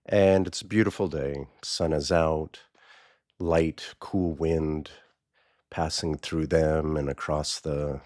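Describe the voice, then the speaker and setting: A man's voice: a bass voice, fairly even intonation, slow, darkish tone, dry recording, clean studio sound. A man podcast host telling a parable in a loose, conversational way, with restarts. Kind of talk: casual storytelling.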